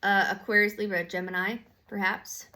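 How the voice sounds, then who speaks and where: A woman's voice: medium pitch, flat delivery, normal speed, sharp tone. A woman giving a casual tarot reading, slangy and profane, rambling with lots of fillers and restarts. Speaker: tarot reader.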